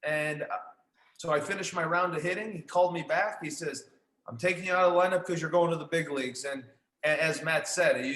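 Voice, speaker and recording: A man, a former catcher, recounting a story in relaxed, casual talk. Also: on the high side. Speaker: former pro catcher guest. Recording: roomy echo.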